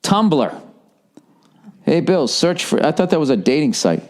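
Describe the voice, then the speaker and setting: A man in his fifties with a Boston accent, hosting a podcast in casual, profane and animated chat. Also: fairly high pitch, unhurried, slight background noise. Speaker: podcast host.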